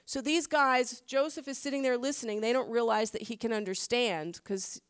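A woman's voice: a little high, fairly even intonation, normal speed, clear, resonant tone. A woman giving a conversational sermon, asking her listeners questions and reading scripture aloud. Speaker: preacher.

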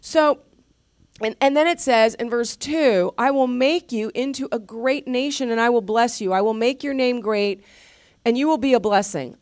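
A woman pastor preaching a sermon in a conversational, animated way, often restarting and adding asides. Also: a little high, no echo, clean studio sound.

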